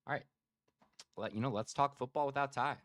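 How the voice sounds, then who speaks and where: A man's voice: medium pitch, fairly quick, no room sound. A man co-hosting a casual sports chat on a live stream, laid-back and teasing, calling people dude and brother. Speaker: sports show co-host.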